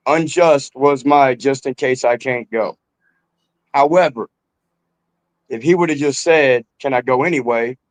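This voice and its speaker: A man's voice: medium pitch, measured pace, pauses often, no echo, poor audio. A man talking as a rapper guest in a casual interview, laid-back and swearing freely, calling the host bro.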